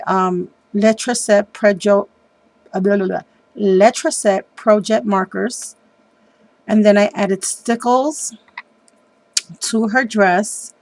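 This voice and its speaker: A woman hosting a craft video, chatting warmly and enthusiastically about how she made a card, with frequent ums. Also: medium pitch, gravelly, dry recording. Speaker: papercraft video host. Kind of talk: casual craft show-and-tell.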